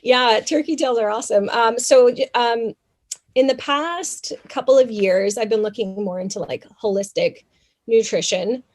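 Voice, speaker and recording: A young adult woman from Canada, a podcast guest telling a story in an animated, chatty way with many fillers. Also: on the high side, unhurried. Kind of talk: casual interview storytelling.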